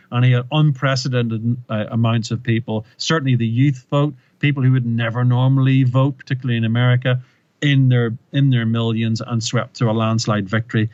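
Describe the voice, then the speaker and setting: A man's voice: mid-range voice, fairly even intonation, a little fast, darkish tone, no echo, lo-fi sound. A man who is a presentation coach, a guest on a podcast, telling a story emphatically and often restarting and repeating words. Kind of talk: animated interview storytelling.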